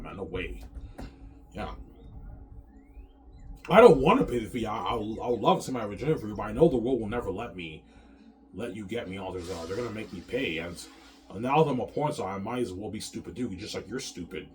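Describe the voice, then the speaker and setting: A man's voice: low-pitched, a little mellow. A man in his thirties in a rambling personal vlog rant, angry and profane, repeating himself and restarting sentences. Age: 30s. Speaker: vlogger.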